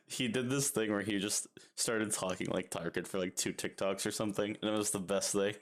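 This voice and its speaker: A man's voice: on the low side, steady tone, moderate pace. A young man co-hosting a casual podcast chat, laid-back, laughing often and saying "like" a lot. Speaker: podcast co-host.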